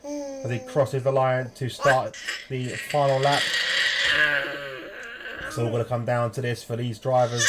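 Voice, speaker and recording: A British man commentating a sim race, jokey and rising to excited shouts. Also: medium pitch, measured pace, pauses often. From United Kingdom. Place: home room with children nearby. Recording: loud background noise.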